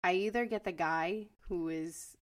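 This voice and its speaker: A woman's voice: on the low side, a little slow. A young adult woman co-hosting a podcast in casual chat, talkative and laughing often, with frequent filler words. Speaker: podcast co-host.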